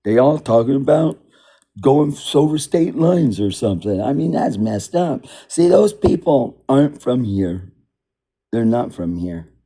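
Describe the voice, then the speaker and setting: A man with a gravelly, husky voice talks in a loose, unscripted monologue. His pitch swings widely as he rambles indignantly, repeating himself and circling back to the same complaints. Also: sing-song, unhurried, mellow. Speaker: political commentator.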